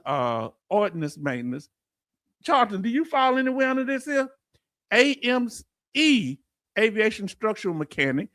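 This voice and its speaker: Middle-aged Southern host, high tenor, dry close sound, folksy and preachy on a live chat stream. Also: male voice, a bit bright, no echo. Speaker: veterans benefits channel host. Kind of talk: livestream reading viewer comments.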